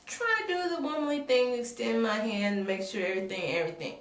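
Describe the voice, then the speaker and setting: Animated storytelling woman, roomy sound. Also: on the high side, brisk, hardly any pauses. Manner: animated, profane, laughing asides. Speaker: vlogger. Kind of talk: storytelling to camera. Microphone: camera mic. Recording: roomy, from camera distance.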